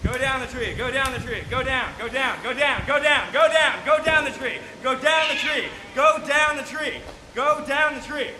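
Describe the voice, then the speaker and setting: A man's voice: very high voice, a little slow, few pauses, pushed and bright, roomy sound, long reverb tail, a little hiss or hum. A man up in a tree outdoors, firmly and repetitively coaxing a cat to climb down. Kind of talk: coaxing an animal.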